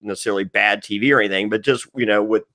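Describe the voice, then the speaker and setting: A man as guest on a podcast, chatting casually in an animated way, swearing and often laughing. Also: fairly low pitch, racing, no echo.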